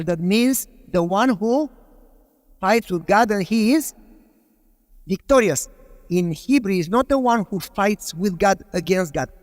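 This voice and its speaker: Male pastor, high voice, emphatic storytelling sermon, reverberant hall. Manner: rhetorical questions to the audience.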